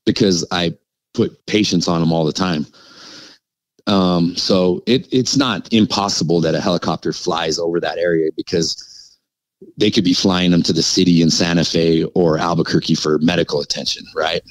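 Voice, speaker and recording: A middle-aged man with a very deep voice tells his story as a podcast guest. He talks in a loose, animated way, stacking fillers and chuckling now and then, and the sound is close and dry. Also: normal speed, dry recording, poor audio. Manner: animated, filler-heavy with frequent likes and laughs. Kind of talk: casual storytelling.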